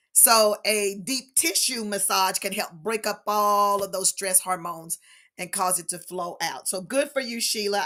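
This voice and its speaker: Warm and animated, a middle-aged woman with a mid-range voice hosts an informal live stream on grief, speaking to her viewers as "y'all."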